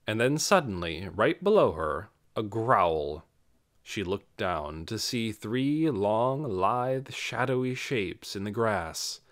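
A man's voice: fairly low pitch, slow pace. A man reading an audiobook chapter aloud as its narrator. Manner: expressive storytelling. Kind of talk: scripted narration.

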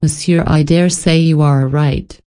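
Woman reading as an insolent ironic gentleman. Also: low voice, steady tone, unhurried, smooth. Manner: ironic, disdainful.

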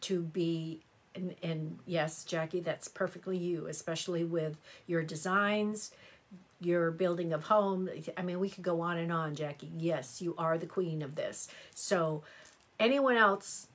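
A woman's voice: fairly low pitch, unhurried. A middle-aged woman reading horoscopes on a live stream, chatty and exclamatory, answering viewer comments as she goes. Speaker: astrology reader.

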